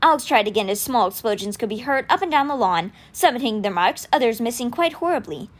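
Expressive woman reading a novel aloud. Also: fairly high pitch, a little fast. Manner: expressive storytelling. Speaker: audiobook reader.

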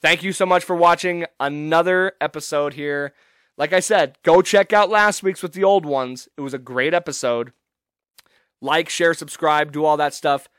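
A man's voice: a little high, moderate pace, a bit bright, clean tone, dry recording, clean studio sound. A young man hosting a casual solo podcast, talking emphatically and rambling, with plenty of swearing and restarts. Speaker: podcast host.

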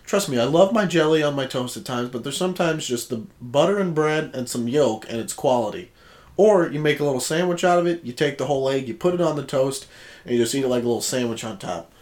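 A man's voice: medium pitch, animated, quick pace, a little mellow. A man co-hosting a casual podcast, talking in a laid-back, joking way. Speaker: podcast co-host. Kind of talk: casual chat.

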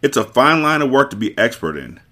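A man's voice: mid-range voice, big pitch swings, a little fast, sharp tone. A man voicing a conceited, scheming Sicilian kidnapper in a storybook reading, talking in a smug, bossy way.

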